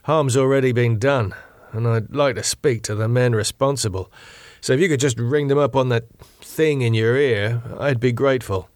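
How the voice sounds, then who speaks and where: A man's voice: medium pitch, moderate pace, no echo, clean studio sound, close to an everyday voice. A man doing a groggy, indignant captive. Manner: slurred, sharp and demanding. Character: groggy, indignant man just waking up drugged.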